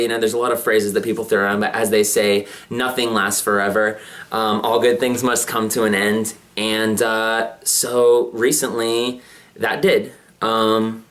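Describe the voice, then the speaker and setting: A man in his twenties with a medium-pitched, slightly bright voice records a personal confessional vlog. He tells his own story in a rambling way, full of fillers and restarts.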